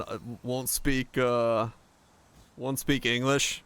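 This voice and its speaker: A man's voice: mid-range voice, normal speed, gravelly, slight background noise. A man streaming a game, chatting casually and rambling between jokes. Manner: rambling, joking, laughs often. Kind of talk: casual gameplay chat.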